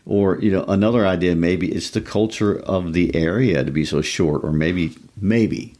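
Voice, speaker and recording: Deep-voiced guy on a book podcast, thinking out loud, kinda musing. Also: normal speed. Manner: thoughtful, musing, reads quotations aloud. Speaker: podcast co-host. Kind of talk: conversational literature discussion.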